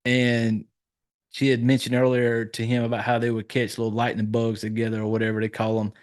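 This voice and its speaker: A man's voice: medium pitch, brisk. Southern guy on a podcast recapping a horror flick, cussing a lot, acting out lines, regular mid voice. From Southern United States. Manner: profane, animated storytelling with acted-out quotes. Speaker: podcast host reviewing a horror film. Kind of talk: casual film recap chat.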